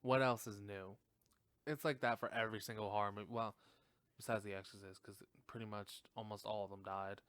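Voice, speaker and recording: A man hosting a podcast and giving a casual, rambling movie review, animated and full of swearing and fillers. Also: lowish voice, a little fast, clear, resonant tone, no echo. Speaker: podcast host.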